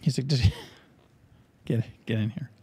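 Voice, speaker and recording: A man hosting a podcast, casually telling an animated story and acting out the voices of people in it. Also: medium pitch, takes it slowly, breathy edge. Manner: animated anecdote telling, acts out quoted voices. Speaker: podcast host and author.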